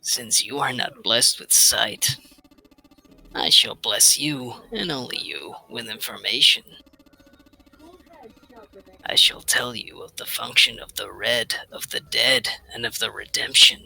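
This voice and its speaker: A man reading as a calm, cryptic, gravelly young man. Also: mid-range voice, soft background music, heavily acted, low-quality recording. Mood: ominous. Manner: slow, measured, mock-solemn delivery. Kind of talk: fan reading of a visual novel.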